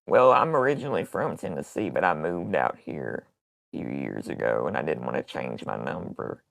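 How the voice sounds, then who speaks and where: A woman's voice: very deep voice, animated, moderate pace, creaky, no room sound, heavily acted. A woman playing a worn-out, crude older woman on a prank phone call. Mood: flat, pleading. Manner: crude, rambling complaints. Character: worn-out older Southern woman, crass and blunt. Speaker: prank caller.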